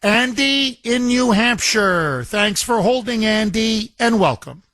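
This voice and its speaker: A man's voice: high-pitched, animated, takes it slowly, pushed and bright, no room sound. A man hosting call-in talk radio, talking in an impassioned way and repeating himself when worked up. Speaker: radio talk show host.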